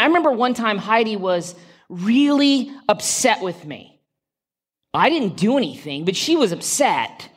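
Preaching to her congregation in church, a woman speaks at a measured pace in a medium-pitched voice with a breathy edge, very animated throughout. She keeps it conversational, putting questions straight to the listeners and slipping in dry, humorous asides.

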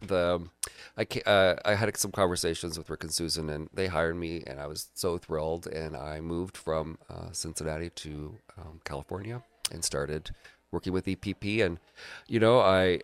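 Brief: male podcast guest, very low with a gravelly edge, thoughtful and searching for words. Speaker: guest artist. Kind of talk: casual podcast conversation.

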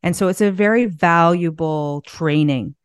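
A woman's voice: on the low side, measured pace, smooth, dry recording, clean studio sound. A middle-aged woman speaking as a guest in a casual interview, candid and a bit profane, often restarting her sentences. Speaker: guest, naturopathic practitioner.

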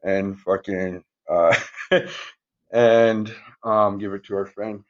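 A man's voice: lowish voice, fairly even intonation, slow, lo-fi sound. A man casually telling profane, rambling stories in a podcast interview, chuckling often. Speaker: guest, former prisoner.

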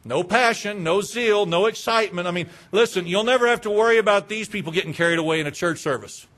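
Speaking quickly in a high, slightly bright voice, this man is a pastor preaching casually. He throws out rhetorical questions and mocks indifferent members of the congregation.

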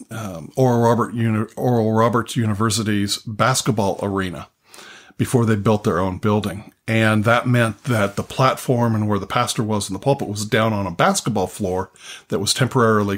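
Earnest man telling a sermon story. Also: fairly low pitch. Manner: earnest, with frequent restarts and repeated phrases. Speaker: pastor.

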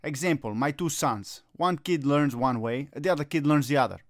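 A man's voice: fairly high pitch, normal speed, no room sound, studio quality. Melodramatic middle-aged soccer-coach man. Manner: gloomy, melodramatic rants that flare into agitated Italian cursing. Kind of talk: comedic sketch dialogue.

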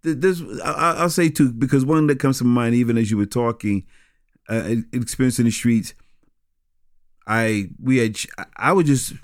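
A middle-aged man telling stories from his years in street ministry, animated, with many restarts. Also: mid-range voice, moderate pace, no echo, studio quality. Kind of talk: conversational storytelling.

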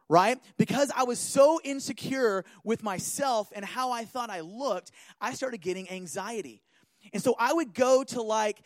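A man giving an animated talk, telling a personal story and often checking in with listeners. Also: high-pitched, no echo. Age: adult.

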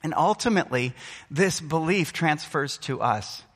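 Earnest preaching pastor, bright tone, hall echo. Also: male voice, on the high side, animated, a little slow, husky. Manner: earnest, emphatic preaching with rising and falling delivery. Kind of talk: sermon. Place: church sanctuary. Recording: long hall reverb.

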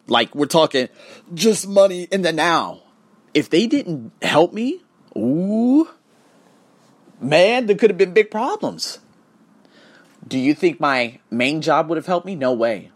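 Husky, heated voice ranting with swinging pitch. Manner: profane, emphatic, heated. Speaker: English teacher in Bangkok. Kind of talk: casual ranting vlog.

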